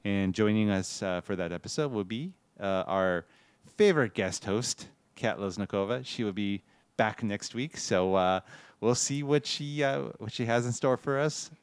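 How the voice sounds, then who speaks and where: A man hosting a casual film podcast, upbeat and quick to laugh. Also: on the low side, smooth, no echo. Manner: upbeat, laughs easily, reads out show plugs. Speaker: podcast host.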